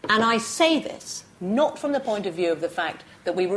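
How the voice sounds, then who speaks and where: A woman hosting a studio panel discussion, musing in a measured way with hesitant restarts. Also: mid-range voice, expressive, slight background noise. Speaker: radio discussion host.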